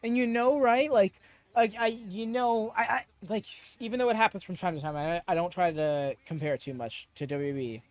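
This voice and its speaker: A young man hosting a live watchalong stream, chatting excitedly with many fillers and quick laughs on a close mic. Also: high-pitched, dry recording. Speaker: watchalong host. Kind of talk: live reaction commentary.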